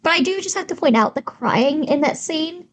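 A woman's voice: high-pitched, animated, moderate pace. A woman guesting on a podcast, reacting with enthusiasm in casual film chat. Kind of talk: casual movie-review chat.

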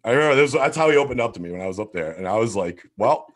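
A man in his thirties tells a rowdy story in loose, profane chat. His voice sits a little low, and he acts out what everyone said. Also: racing. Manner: animated, swears constantly, acts out quotes.

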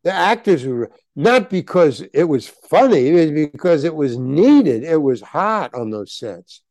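A man's voice: on the high side, big pitch swings, unhurried, a little mellow, no echo. An older man, a guest actor telling rambling anecdotes in a casual interview and acting out the dialogue he quotes.

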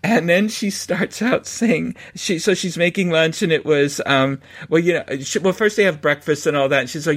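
Chatty man with a higher voice. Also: moderate pace, few pauses, a bit bright. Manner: rambling, laughing, many restarts and fillers. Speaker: podcast host. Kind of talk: casual storytelling recap.

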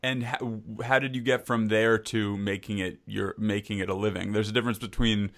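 Male podcast host, low-pitched, chatty and upbeat. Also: steady tone, moderate pace, creaky, hardly any pauses, fairly bright tone. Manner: upbeat, conversational with fillers. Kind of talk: podcast interview.

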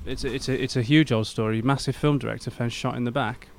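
Male podcast co-host, smooth resonant voice, unhurried story-teller with fillers. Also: medium pitch. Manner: relaxed, halting retelling with fillers. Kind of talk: casual storytelling chat.

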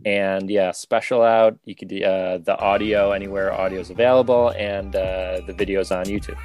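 A man's voice: low voice, fairly even intonation, normal speed, darkish tone, soft background music. A man, a comedian guest on a podcast, chatting casually in a rambling, wry way. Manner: rambling, many fillers, wry. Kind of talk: casual chat.

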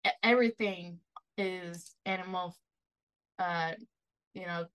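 A woman's voice: fairly low pitch, steady tone, slow pace, a bit bright, smooth. A woman co-hosting a podcast, chatting casually in an easygoing, giggly way. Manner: easygoing, giggly, frequent agreement. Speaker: podcast co-host. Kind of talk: casual chat.

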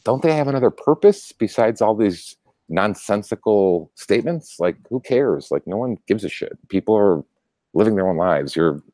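A young man hosting a casual political chat show, talking in an animated way, laughing often, restarting his sentences and swearing freely. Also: lowish voice, normal speed, no room sound. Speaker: show host.

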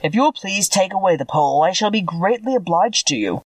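A husky, soft-hearted scarecrow stuffed with straw, put on by a woman reading a storybook aloud. He is polite, friendly and earnest, with a lively rise and fall in his voice. The sound is dry and the mic is a little distant. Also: fairly low pitch, fairly quick, no room sound. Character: gentle naive male scarecrow of straw.

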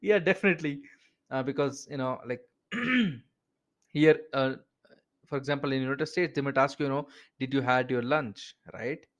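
A man's voice: mid-range voice, moderate pace. A man with an Indian English accent hosting a casual podcast interview, chatty and full of "you know" fillers. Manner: chatty, frequent "you know" fillers, laughs between points. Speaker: podcast host.

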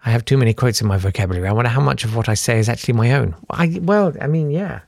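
Lively man hosting a podcast. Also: very fast, creaky, no echo, studio quality. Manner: animated, sardonic, jumps into high mocking voices. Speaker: podcast host. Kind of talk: casual solo podcast chat.

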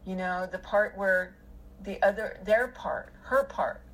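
A woman's voice: mid-range voice, unhurried, low-quality recording. A middle-aged woman telling a personal story in casual conversation, rambling with many fillers and restarts.

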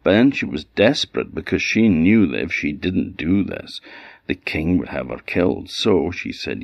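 A man with an Orkney accent telling a folk tale in an unhurried, conversational way. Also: deep voice, big pitch swings, creaky, dry recording, clean studio sound. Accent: Orkney Scots. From Orkney, Scotland. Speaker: storyteller. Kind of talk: oral folk storytelling.

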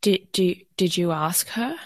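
A woman's voice: on the low side, animated, a little slow, a little mellow, no echo. Woman podcast host, probing, short follow-up questions, dry close recording. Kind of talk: interview.

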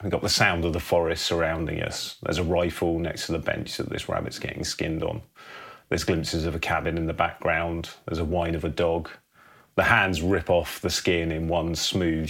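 Gravelly deep-voiced man. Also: moderate pace, fairly bright tone. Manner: laid-back, peppers lines with "man". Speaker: podcast co-host pitching a film. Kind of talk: casual film pitch narration.

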